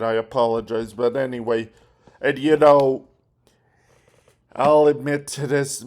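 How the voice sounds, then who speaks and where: A man talks through a casual commentary vlog at an unhurried, slow pace. He rambles, restarts his sentences and corrects himself in a chatty way. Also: medium pitch, darkish tone. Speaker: vlog host.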